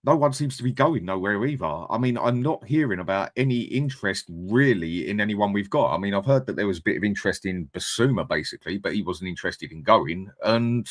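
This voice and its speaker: A man talks casually and bluntly on a live stream, shouting out viewers as he goes. His voice sits fairly low. The sound is dry and close to the mic. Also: expressive, a little fast, hardly any pauses, no echo. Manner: blunt, chatty, reads out viewer comments. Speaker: fan channel host.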